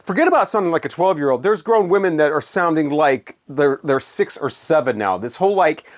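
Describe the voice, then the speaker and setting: Dude ranting about old albums, sarcastic and rambly, voice sits a bit high. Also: male voice, animated, brisk. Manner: sarcastic, dismissive, digressive. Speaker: album reviewer. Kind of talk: casual spoken review monologue.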